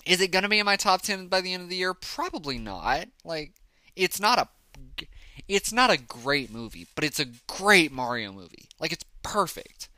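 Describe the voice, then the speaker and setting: A man's voice: high voice, big pitch swings, moderate pace, sharp tone, dry recording. A man hosting his own podcast, reviewing films in a casual, enthusiastic, rambling way with lots of fillers. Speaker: podcast host. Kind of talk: casual solo film review.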